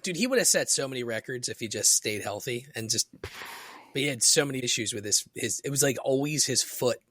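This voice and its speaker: A man's voice: medium pitch, lively intonation, a little fast, fairly bright tone, dry recording. Teasing crude podcast man, dry sound. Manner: teasing, crude, laughs often. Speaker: podcast co-host. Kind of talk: casual chat.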